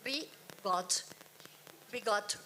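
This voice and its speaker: Slow, emphatic woman. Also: mid-range voice, sharp tone. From Hungary. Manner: slow, emphatic, repeating phrases. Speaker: politician on a panel. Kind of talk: formal panel speech.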